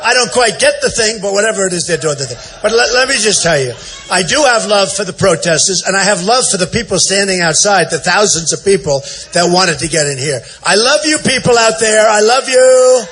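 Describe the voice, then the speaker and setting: Man in his 60s, political candidate, rambling and braggy rally speech with shouted lines, fairly high voice, faint background noise. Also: lively intonation, brisk. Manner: boastful, repetitive, off-the-cuff; often shouting to the crowd. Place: large indoor event center.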